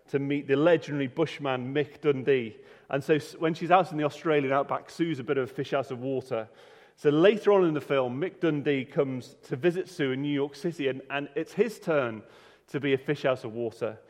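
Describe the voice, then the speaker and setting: Man preaching in a reverberant hall. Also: medium pitch. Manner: conversational, with frequent restarts and repeated words. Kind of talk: sermon.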